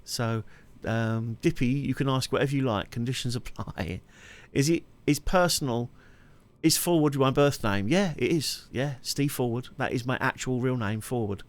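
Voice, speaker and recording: A man's voice: mid-range voice, moderate pace. A man chatting on his live stream, rambling and laughing often. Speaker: streamer and musician. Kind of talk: casual live-stream chat.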